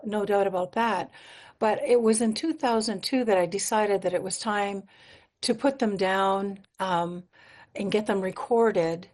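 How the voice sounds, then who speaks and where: A woman's voice: medium pitch, unhurried, a little mellow. Singer-songwriter woman from Manitoba, Canada, as a radio guest: mid-range voice, earnest, reflective storytelling with easy laughs. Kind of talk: radio interview conversation.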